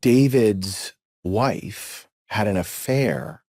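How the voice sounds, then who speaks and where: A man's voice: fairly low pitch, very slow, warm tone, no room sound, clean studio sound. Middle-aged man, rambling storyteller. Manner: rambling storyteller, repeats words, jokey. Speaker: podcast co-host. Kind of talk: casual podcast chat.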